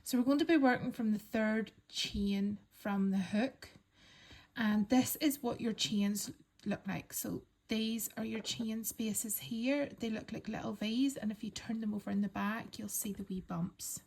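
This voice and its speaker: A woman calmly talking learners through a crochet pattern step by step, counting stitches aloud and reassuring them. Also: mid-range voice, measured pace, gravelly, husky. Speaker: crochet instructor. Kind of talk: step-by-step craft tutorial.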